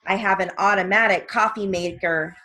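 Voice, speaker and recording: A woman reading word lists and sentences as dictation practice, evenly and deliberately, with short spoken asides. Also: mid-range voice, fairly even intonation, bright, forceful tone, low-quality recording. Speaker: dictation reader for steno practice.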